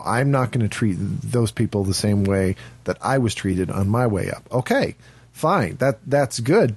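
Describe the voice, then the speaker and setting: A man's voice: medium pitch, a little mellow, breathy edge. A man on a film podcast giving strong opinions, emphatic and stumbling over his words as he builds a point. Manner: opinionated, emphatic, repeats words when starting. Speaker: podcast co-host. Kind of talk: casual film discussion.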